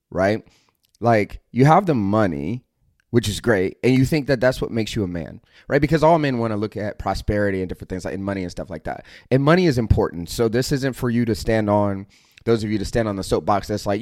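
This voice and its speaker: A man's voice: fairly low pitch, expressive, fairly quick, darkish tone, dry recording. Man, American, middle-aged, podcast host, aggressive, profane, motivational rant, dry close mic. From United States. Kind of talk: blunt motivational monologue.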